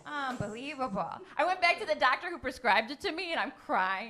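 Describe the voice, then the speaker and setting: Sarcastic high-voiced woman doing stand-up. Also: expressive, fast, few pauses, background noise. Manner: sarcastic, crowd-teasing, punchy delivery. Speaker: stand-up comedian. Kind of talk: stand-up comedy set. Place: comedy club stage.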